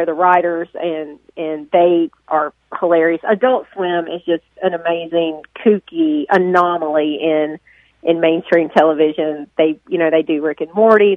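A woman's voice: lowish voice, steady tone, moderate pace, no echo. A woman from Central Florida with a Southern accent, chatting as a guest musician over the phone, rambling and laughing often. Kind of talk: casual phone interview. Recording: tinny phone line.

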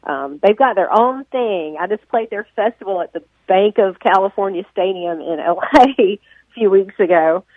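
A woman's voice: mid-range voice, normal speed, no room sound. A woman from Central Florida with a Southern accent, chatting as a guest musician over the phone, rambling and laughing often. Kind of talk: casual phone interview. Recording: tinny phone line.

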